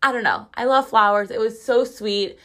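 A woman's voice: fairly high pitch, fairly even intonation, moderate pace, sharp tone. Chatty, swearing woman podcaster. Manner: chatty, profane storytelling with lots of "like". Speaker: podcast host. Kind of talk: casual solo podcast monologue.

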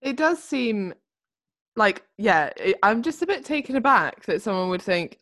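A woman's voice: mid-range voice, very animated, a little slow, fairly bright tone. A woman, co-hosting a podcast and reacting to a listener's story in casual chat. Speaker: podcast co-host.

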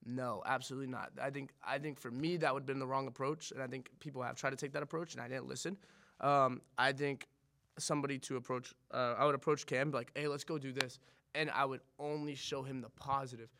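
A man's voice: mid-range voice, fairly even intonation, fast talker, vocal fry, pushed and bright. A man who is a podcast guest, talking earnestly and rambling with many restarts and curses. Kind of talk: casual podcast chat.

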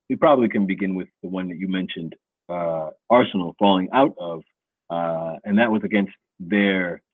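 A man with a lowish, husky voice hosts a loose football podcast. He talks in a playful, hype-man way, and the sound comes through thin and phone-like with no room echo. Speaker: podcast host. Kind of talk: casual sports podcast chat.

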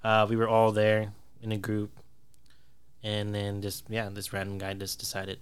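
A man's voice: lowish voice, flat delivery, unhurried, fairly bright tone, a little hiss or hum. A man in his thirties telling a story in casual chat, laid-back and profane, trailing off with fillers. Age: 30s.

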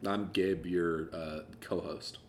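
A man's voice: sits low, steady tone, slow, slight background noise. A young man co-hosting a podcast, trading crude, irreverent banter. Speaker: podcast co-host. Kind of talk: casual comedic chat.

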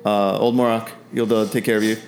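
A friendly fantasy-town guard, voiced in a tabletop game, who hems and haws as he gives directions. A man puts him on in a lowish, plain voice, with faint noise behind. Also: level tone, fairly quick, a little mellow, lightly acted. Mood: helpful. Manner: rambling, hesitant with many fillers. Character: friendly male town guard, helpful and chatty.

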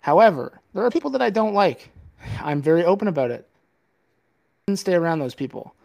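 A man's voice: sits high, very animated, moderate pace, creaky, darkish tone. A man co-hosting a podcast, ranting in a heated, swear-filled casual talk on a filmed set. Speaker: podcast co-host.

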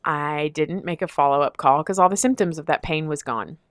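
A woman telling a long personal story in casual chat, expressive and laughing often. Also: low-pitched, brisk, no echo, clean studio sound. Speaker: podcast guest telling a story.

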